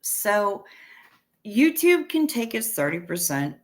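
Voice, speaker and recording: A woman's voice: medium pitch, very animated, slow, a little hiss or hum. A woman in her fifties hosting a casual livestream, chatty and profane as she thanks viewers and answers the chat. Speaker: livestream host reading chat. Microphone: webcam stream setup.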